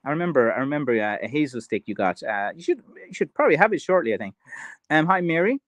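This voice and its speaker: A man's voice: a little high, big pitch swings, fast talker, fairly bright tone, no room sound. A middle-aged man with an Irish accent, chatting casually on a livestream, rambling with lots of filler and answering viewer comments. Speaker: livestream host, stick maker.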